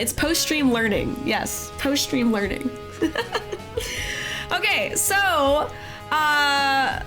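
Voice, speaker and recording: A woman with a hoarse voice after an illness, hosting a casual live art class and greeting chat in a sing-song way. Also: high-pitched. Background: soft music.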